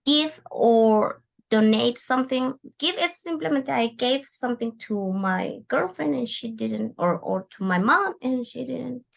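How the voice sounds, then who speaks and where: A woman teaching an online English class, animated and coaxing, repeating words for her students. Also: a little high, unhurried, vocal fry, few pauses. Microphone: video call.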